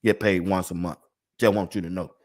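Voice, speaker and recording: A man's voice: sits low, steady tone, a little fast, darkish tone. An older man hosting a casual sports talk livestream. He laughs often and repeats phrases over and over. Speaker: sports talk show host.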